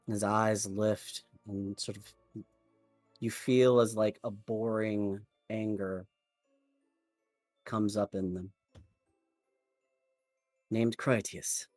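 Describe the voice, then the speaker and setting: A man runs a tabletop game, narrating slowly and deliberately in a lowish voice. Faint music plays under his dry, close sound. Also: level tone, a little mellow, no room sound. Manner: slow, deliberate narration with fillers. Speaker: game master.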